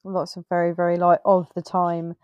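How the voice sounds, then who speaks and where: Female co-host, low voice, dry close sound, rambling casual chat. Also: monotone, normal speed, a little mellow, dry recording, highs cut off. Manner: rambling, self-correcting, laughs often. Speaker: podcast co-host. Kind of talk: casual film review chat.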